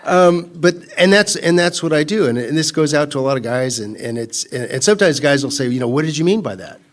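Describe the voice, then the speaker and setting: At a recovery retreat, a man from California gives a personal talk, rambling through his story with many restarts and easy laughter. His voice is a little high and a little fast.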